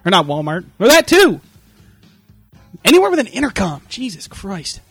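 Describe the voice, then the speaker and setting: A man's voice: high-pitched, huge pitch swings, normal speed, fairly bright tone, breathy edge, no echo, faint music behind. A young man telling crude, jokey stories in casual chat and breaking into exaggerated impressions. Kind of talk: crude comedic storytelling chat.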